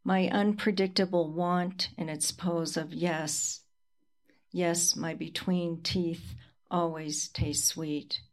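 A woman reading her poetry aloud at a live reading, in a slow and deliberate recitation with pauses. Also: lowish voice, fairly even intonation. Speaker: poet.

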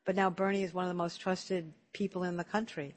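A man's voice: high-pitched, level tone, quick pace. A man hosting an interview, chatty and telling stories, often repeating words as he starts a sentence. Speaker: interview host. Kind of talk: casual storytelling interview.

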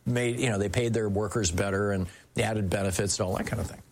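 A man hosting a political talk radio show, telling stories in an animated way, acting out quotes and often restarting his sentences. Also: fairly low pitch, fast.

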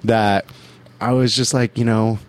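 A man's voice: fairly low pitch, steady tone, a little slow. A man chatting on a radio show in a studio, telling rambling stories and acting out what people said. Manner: rambling storyteller, acts out quotes. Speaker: radio guest. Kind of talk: casual chat.

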